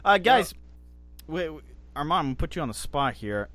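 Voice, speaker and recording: A man's voice: a little high, big pitch swings, brisk, a bit bright. A man hosting a casual soccer podcast, playful and teasing with his co-hosts. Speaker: podcast host. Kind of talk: casual chat.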